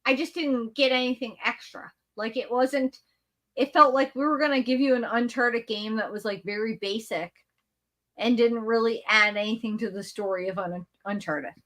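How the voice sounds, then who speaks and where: A woman's voice: fairly high pitch, steady tone, normal speed, a bit bright. A woman co-hosting a casual gaming stream chat, chatty and giggly after a few drinks. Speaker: co-host.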